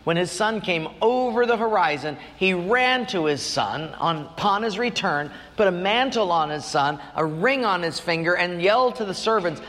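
Pastor, male, slightly raised pitch, earnest storyteller, long church reverb. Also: expressive, normal speed, few pauses, a bit bright. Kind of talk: sermon.

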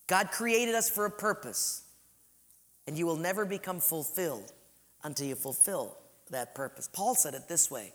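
Male preacher, high voice, emphatic sermon delivery, big loud-soft swings. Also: expressive, moderate pace. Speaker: pastor.

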